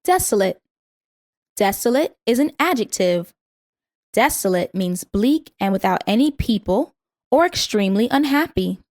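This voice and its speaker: A woman's voice: medium pitch, animated, darkish tone, dry recording, clean studio sound. Woman reading out vocabulary words. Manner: measured, says each word twice for repetition. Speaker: vocabulary instructor. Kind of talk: scripted vocabulary lesson.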